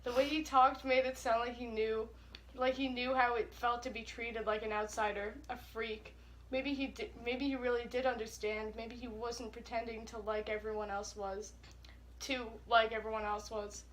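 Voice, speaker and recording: A young woman reading fan fiction aloud for laughs, in a flat, hurried way that keeps breaking into giggles. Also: a little high, a little hiss or hum. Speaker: co-host.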